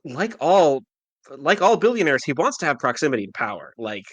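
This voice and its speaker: A man co-hosting a podcast, talking about comics in an animated, sarcastic way with lots of "like.". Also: on the high side, a little fast, slightly rough, no echo. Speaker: podcast co-host. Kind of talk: casual comic book discussion.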